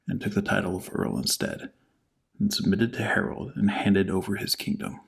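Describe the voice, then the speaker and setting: A man with a low, gravelly voice reads an old saga in soft-spoken ASMR, right up close to the microphone. He keeps slipping into rambling, half-whispered asides full of likes. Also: rough recording. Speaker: ASMR channel host reading a saga. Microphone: microphone with headphones.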